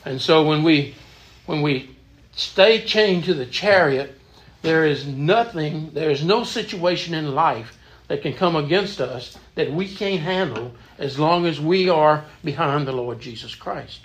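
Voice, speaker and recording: A man's voice: a little high, lively intonation, unhurried. A man leading a church Bible study in an earnest, emphatic teaching manner, often repeating words as he goes.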